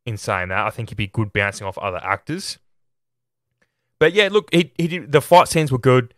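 A man's voice: lowish voice, animated, fairly quick, dry recording, clean studio sound. A man hosting a film podcast, chatting casually and giving his opinions on a movie. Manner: chatty and opinionated, often starts with "look". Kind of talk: casual film review monologue.

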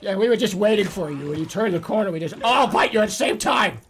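A man's voice: high voice, animated, fast, fairly bright tone, slight background noise. A man putting on gleeful taunting zombies.

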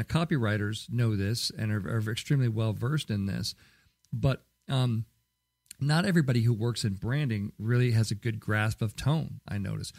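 A man's voice: medium pitch, darkish tone, no echo, studio quality. A man hosting a podcast in casual solo talk, rambling with many fillers and restarts. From Southern California. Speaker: podcast host.

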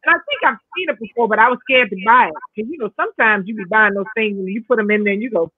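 A woman's voice: a little high, racing, background noise. A woman from the Bronx, co-hosting a casual chat and steering the segments. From the Bronx, New York. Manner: chatty, wraps up segments. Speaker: co-host. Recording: tinny phone-like line.

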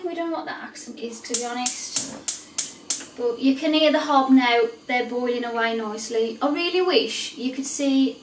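A woman with a bright, high voice keeps up a casual, joking chat as she cooks, swearing now and then. She sounds a few steps from the camera, and her voice bounces around a hard, echoey kitchen. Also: normal speed, recorded from a distance, slight background noise. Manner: chatty, self-mocking, swears casually. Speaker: home cooking vlogger. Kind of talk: casual cooking vlog chat. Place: home kitchen with boiling pots. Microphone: camera set back across the kitchen.

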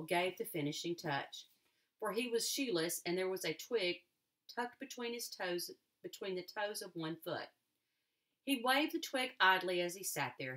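A woman teacher reading a novel aloud to a class, expressive, with occasional restarts. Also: on the low side.

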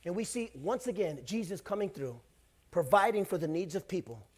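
A middle-aged man, the pastor, preaching a sermon in a conversational way, swinging between loud bursts and hushed asides. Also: high-pitched, very animated, fairly quick.

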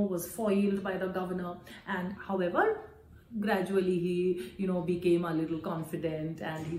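A woman's voice: medium pitch, dark tone, roomy sound. A woman with an Indian accent explaining a story chapter to students in a chatty way, full of "you know" fillers. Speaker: English teacher.

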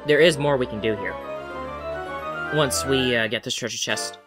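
A man's voice: mid-range voice, normal speed, music in the background. A man giving casual let's-play commentary, chatty and rambling as he talks to himself while playing.

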